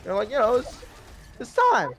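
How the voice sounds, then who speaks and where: A man in his twenties telling a rambling, profane story casually while gaming, breaking into loud, excited bursts. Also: high voice, moderate pace, creaky, slight background noise.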